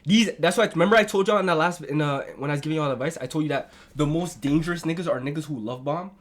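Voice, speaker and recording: A male streamer reacts to a video in loose, casual chat. He is excitable and swears freely, and his voice sits a little above the usual male pitch.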